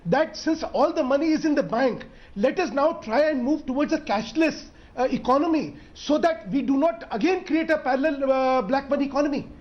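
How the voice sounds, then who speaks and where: A man's voice: very high voice, brisk, few pauses, highs cut off. A man with an Indian English accent, a politician arguing insistently in a televised debate, pushing to finish his point. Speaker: politician guest. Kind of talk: heated TV debate.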